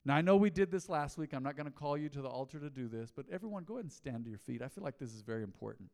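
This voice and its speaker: A middle-aged male pastor preaching a sermon, swinging from soft pleading to loud calls that get the congregation repeating after him. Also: fairly high pitch, rapid-fire, hardly any pauses. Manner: animated preaching, rising and falling dynamics, calls to the congregation. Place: large church hall. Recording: long hall reverb.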